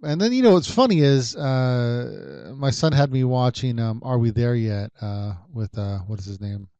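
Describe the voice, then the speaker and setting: A man in his thirties chats alone on his podcast in a relaxed, rambling way, full of fillers, self-corrections and wry asides. His voice is mellow and dark-toned. The recording is dry and a little muffled. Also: mid-range voice, normal speed, no echo. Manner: rambling, many ums and restarts, wry storytelling. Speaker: podcast host. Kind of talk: casual solo podcast chat.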